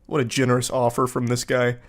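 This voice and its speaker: A man riffs on a stranger's text messages in dry, sarcastic commentary, swearing freely as he goes. His voice sits at an ordinary middle pitch, and his tone is deadpan and amused. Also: fairly quick. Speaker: commentary host.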